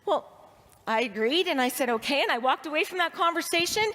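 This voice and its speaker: Her voice high, bright, and forceful, a woman animatedly shares a personal story at a leadership training event, acting out what she was telling herself. She talks fairly quickly, and the large hall with its audience gives the recording a reverberant sound.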